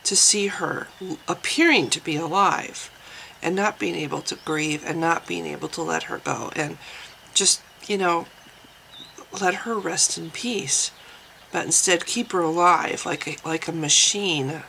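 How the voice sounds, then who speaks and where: A woman's voice: on the low side, a little slow, creaky, sharp tone, a little hiss or hum, low-quality recording. A woman vlogger giving casual spoken commentary, thinking aloud with frequent restarts and hesitations.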